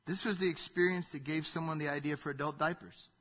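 A man preaching a sermon in a dramatic way, acting out quotes loudly and dropping to hushed asides. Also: fairly high pitch, fairly even intonation, quick pace, dull audio, slight background noise. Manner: dramatic, swings between loud acted quotes and hushed asides. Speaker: pastor.

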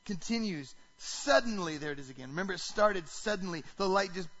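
A man preaching a sermon to a congregation, animated, often asking the listeners questions. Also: high voice, fairly quick, slightly rough, muffled recording. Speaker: pastor.

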